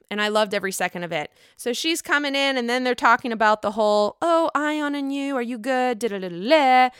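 A woman's voice: mid-range voice, bright, forceful tone, clear, resonant tone, no room sound, clean studio sound. A woman casually recapping a reality show episode, chatty, sassy and freely swearing. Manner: sassy, profane, chatty commentary.

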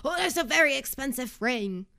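A woman doing a quick impression of a curt, possessive man scolding his partner. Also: high-pitched, expressive, pushed and bright, heavily acted. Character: man, reality TV star, touchy and possessive.

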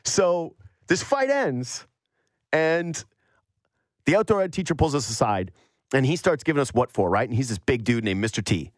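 Male sports-talk host from the Yukon, lively pitch, dry close studio sound, storyteller who mocks whiny voices. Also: moderate pace, no echo. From Yukon, Canada. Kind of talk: storytelling monologue.

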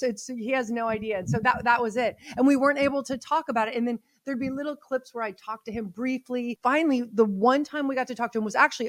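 A middle-aged woman chatting as a podcast guest, telling stories in an animated way and acting out what others said. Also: on the high side, no room sound, studio quality. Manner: chatty storyteller, animated quoting. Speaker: podcast guest, mother of the groom. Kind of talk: casual chat.

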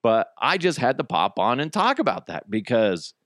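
A man's voice: mid-range voice, moderate pace, no room sound, clean studio sound. A man hosting his own podcast, ranting casually and crudely with jokes and silly voices. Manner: crude, animated, jokey storytelling with put-on voices. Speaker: podcast host. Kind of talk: casual solo podcast rant.

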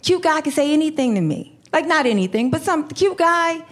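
A woman comedian doing a live stand-up set, telling stories in an animated way, laughing and slipping into put-on voices. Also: high-pitched, moderate pace. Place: comedy club stage before a laughing crowd. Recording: live club with crowd laughter and noise.

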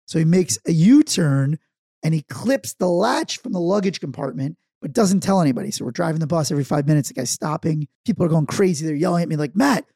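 A man tells stories on a casual podcast. His voice is gravelly and husky with a dark tone, and he acts out quotes loudly. The sound is dry and close. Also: fairly high pitch, lively intonation, quick pace, no echo. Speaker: podcast co-host. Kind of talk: casual chat, storytelling.

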